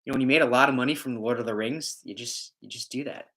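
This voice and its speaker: A man's voice: mid-range voice, fairly even intonation, fast talker, fairly bright tone. A man chatting his way through a casual livestream, reading viewers' comments aloud and riffing on them. His talk wanders and jokes along, and he laughs often as he goes. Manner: rambling, joking, laughs often.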